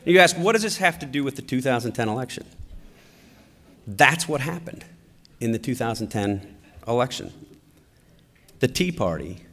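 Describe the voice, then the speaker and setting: A middle-aged man giving a storytelling political speech at a conference, with an animated, anecdotal delivery. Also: mid-range voice, normal speed, pauses often. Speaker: conference speaker. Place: large conference hall. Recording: long hall reverb.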